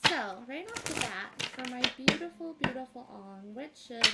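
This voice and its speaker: A woman's voice: high-pitched, lively intonation, normal speed, heavy background noise. A woman giving tarot readings on a casual livestream, gushing and affectionate as she greets viewers. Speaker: tarot reader streaming live.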